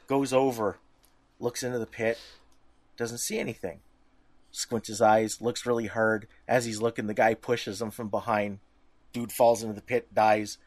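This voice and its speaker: A man co-hosting a podcast, telling a tabletop gaming story in an animated way. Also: medium pitch, moderate pace. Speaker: podcast co-host. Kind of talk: casual chat.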